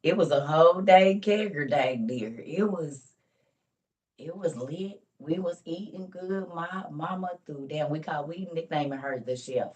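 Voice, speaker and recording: Tired low-voiced grandmother vlogging. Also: a little slow, a little mellow, far from the mic, rough recording. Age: older. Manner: chatty storytelling, Southern Black vernacular, calls viewers y'all and honey. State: tired and weak. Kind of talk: casual morning vlog chat.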